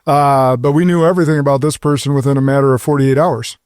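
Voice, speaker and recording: Measured man hosting, mellow voice. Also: mid-range voice, fairly even intonation, smooth, dry recording, studio quality. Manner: earnest, measured, speaks as a father. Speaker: podcast host. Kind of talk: roundtable discussion.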